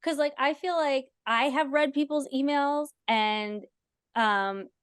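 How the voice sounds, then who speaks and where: Chatty animated woman host. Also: sits high, slow, dry recording. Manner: animated storyteller, lots of "like" fillers. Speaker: podcast host. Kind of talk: casual chat.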